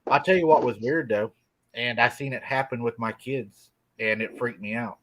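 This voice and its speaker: A man's voice: mid-range voice, moderate pace, fairly bright tone. Folksy man telling a spooky tale. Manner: folksy, drawling, laughs often. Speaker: guest telling a cryptid encounter. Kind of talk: casual storytelling. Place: rural farm home.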